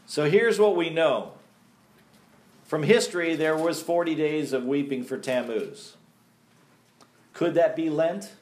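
A man's voice: on the high side, slow pace, pauses often, a little mellow. Folksy male Bible teacher, echoey room. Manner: folksy, emphatic, laughs at own jokes. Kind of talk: teaching sermon.

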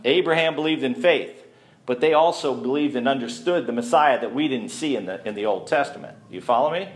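A man's voice: medium pitch, brisk. A man teaching a sermon to a congregation, conversational and asking the listeners questions. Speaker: messianic teacher. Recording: echoey room.

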